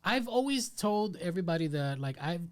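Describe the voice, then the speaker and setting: A man hosting a podcast, talking in a relaxed, conversational way and sharing his own stories. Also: high-pitched, fairly quick. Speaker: podcast host. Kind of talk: casual interview chat.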